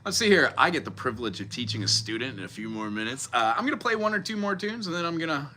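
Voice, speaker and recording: A man live-streaming as a musician, chatting casually with viewers between songs in a rambling, quick-aside way. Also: mid-range voice, big pitch swings, noisy background. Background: guitar playing.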